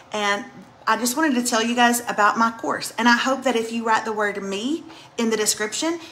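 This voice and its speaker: A woman livestream host chats and jokes with viewers from her home while getting ready for bed, talking straight to commenters. Her medium-pitched voice is a bit bright. The phone livestream carries a little hiss or hum.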